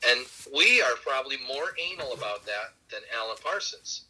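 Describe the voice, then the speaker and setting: Bright, husky-voiced man telling stories. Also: mid-range voice, animated, moderate pace, rough recording. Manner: warm anecdotal, laughs along, many fillers. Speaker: musician guest. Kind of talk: relaxed storytelling interview.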